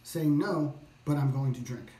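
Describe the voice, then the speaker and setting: A man practicing phrases along with a language course, repeating them slowly, thinking aloud and correcting himself. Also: medium pitch, mellow. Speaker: language learner. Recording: echoey room.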